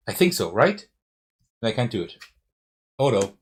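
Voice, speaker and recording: A man's voice: lowish voice, very animated, measured pace, breathy edge. A man with a German accent, streaming a live card game playthrough and thinking aloud, often checking himself with "right?". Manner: thinking aloud, self-questioning with frequent "right?". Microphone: desk mic with face cam.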